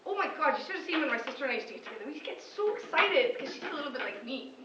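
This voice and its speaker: A woman teacher talking in an excited, rambling vlog monologue, laughing often and jumping between thoughts. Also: sits high, rapid-fire. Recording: echoey room, distant dull lo-fi mic, faint noise.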